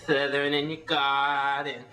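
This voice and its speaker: A man voicing a sly, hissing male snake hypnotist in a sing-song, whispery, drawn-out way. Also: mid-range voice, completely flat delivery, bright, forceful tone. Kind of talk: improvised comic voice.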